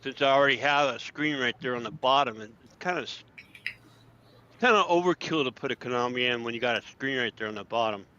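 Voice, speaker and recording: A man's voice: medium pitch, fast, sharp tone, a little hiss or hum. A man co-hosting a casual podcast, rambling and trailing off with lots of ums. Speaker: podcast co-host. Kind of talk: casual chat. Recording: dull lo-fi sound.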